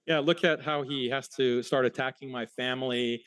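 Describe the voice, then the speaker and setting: A man's voice: medium pitch, fairly even intonation, a bit bright, smooth, dry recording. A man with an American accent debating heatedly, indignant and accusatory toward his opponent. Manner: indignant, accusatory, quick to protest.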